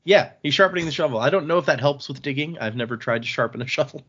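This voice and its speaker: A man's voice: fairly high pitch, fast. Male podcast host, casual recap, easy chatty delivery, slightly muffled mic. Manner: relaxed, chatty retelling with small restarts. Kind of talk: casual book-club chat, recapping and quoting lines. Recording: slightly dull lo-fi mic audio.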